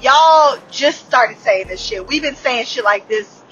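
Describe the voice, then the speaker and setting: A woman in her late thirties talks through a TV episode in a loose, profane way, laughing often and circling back on her sentences. Her voice sits a little high for a woman. The audio is slightly dull and lo-fi, with faint music underneath. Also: expressive, measured pace, a bit bright. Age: late 30s. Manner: candid and profane, laughs often, trailing restarts. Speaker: TV episode reviewer. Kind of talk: casual unscripted recap.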